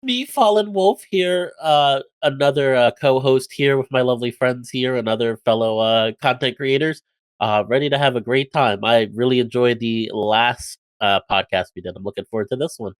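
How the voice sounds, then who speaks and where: A man's voice: medium pitch, moderate pace, clean tone, no echo. A man co-hosting a casual podcast chat, speaking hesitantly with many filler words. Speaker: podcast co-host.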